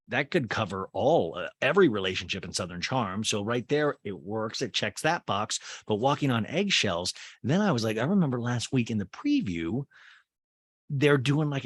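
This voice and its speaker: A man's voice: medium pitch, fairly bright tone, dry recording. A man hosting a podcast, giving a chatty, sarcastic recap of a TV episode with rambling asides. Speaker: podcast host. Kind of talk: casual recap commentary.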